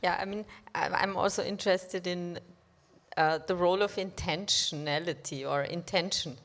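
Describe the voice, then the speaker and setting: A woman with a fairly low voice speaks on a live symposium panel. She poses her questions in an inquisitive, hesitant way. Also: fairly even intonation, normal speed, a bit bright.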